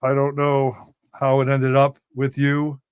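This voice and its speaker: A male host with a smooth, resonant voice speaks on a live show, so moved he is near tears. He keeps repeating stunned exclamations. The sound is dry and close to the mic. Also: medium pitch, monotone, a little slow, no room sound.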